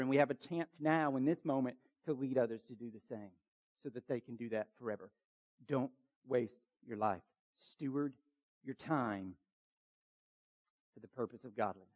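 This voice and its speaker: A man preaching a sermon as pastor, urgent and emphatic, with quick asides to the congregation. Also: medium pitch, narrow, tinny audio.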